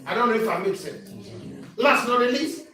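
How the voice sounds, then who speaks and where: A man preaching a sermon as bishop, calling for responses from the congregation and rising to shouts. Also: extremely high pitch, animated, normal speed, soft background music. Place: church hall. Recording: echoey church sound from far off.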